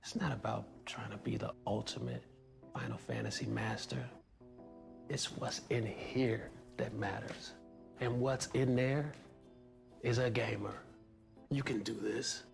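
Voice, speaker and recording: A man speaking in a hushed, encouraging mentor tone in a scripted comedy trailer. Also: lowish voice, animated, unhurried, gravelly, exaggerated voice. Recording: trailer audio with guitar music, off-mic.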